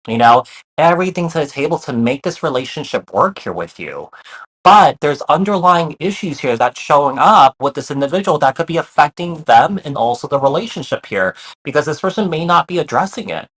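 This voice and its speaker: A man with a fairly high, fairly bright voice gives his viewers a casual tarot reading. He repeats himself a lot, leans on fillers like "you know" and "kinda," and sounds reassuring.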